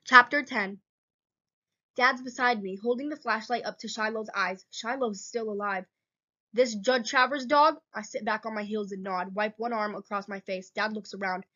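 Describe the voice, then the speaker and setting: A woman hosting and reading a children's book aloud in steady storybook narration, on a dull lo-fi recording. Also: mid-range voice, moderate pace. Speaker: host.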